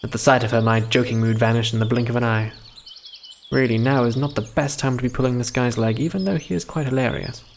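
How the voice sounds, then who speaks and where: A man's voice: medium pitch, fairly even intonation, fast talker, gravelly, slight background noise. A young man live-streaming a visual novel, reading the text aloud and breaking off into chatty, profane commentary.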